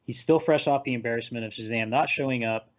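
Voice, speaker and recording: A man recapping a film in casual chat, animated and laughing, sometimes acting out the characters. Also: medium pitch, fast. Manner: animated, acts out characters in quotes, laughs often. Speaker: podcast co-host. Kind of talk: casual movie discussion. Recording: tinny phone-like line.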